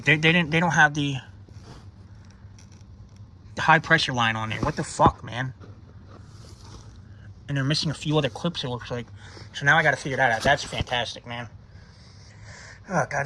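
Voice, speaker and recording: A man's voice: mid-range voice, pushed and bright, slight background noise. A man talking casually while he works on his car, thinking aloud and swearing freely. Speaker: car vlogger. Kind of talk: casual DIY repair vlog. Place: home driveway by a car.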